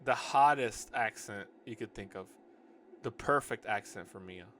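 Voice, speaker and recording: A man's voice: lowish voice, unhurried, a bit bright, slight background noise. A man reading his own novel aloud in a loose, joking way, often stopping to mock and argue with his own writing. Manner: loose, joking, self-correcting. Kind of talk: casual reading with running asides.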